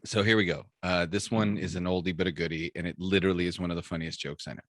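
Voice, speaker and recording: A man hosting a podcast over a video call, telling jokes in a loose, animated storytelling way. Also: sits low, fast talker, no room sound, clean studio sound. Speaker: podcast host. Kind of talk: casual chat, telling jokes. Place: home, remote video call. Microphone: own mic on a video call.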